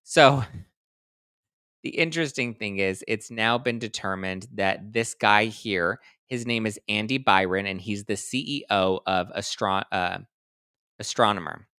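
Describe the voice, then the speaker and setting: Man, gossip show host, sassy and playful, lowish pitch, crisp bright tone, dry close sound. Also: a little slow, dry recording. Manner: sassy and playful, with dramatic mock-outraged asides. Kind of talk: casual gossip commentary reading viewer comments.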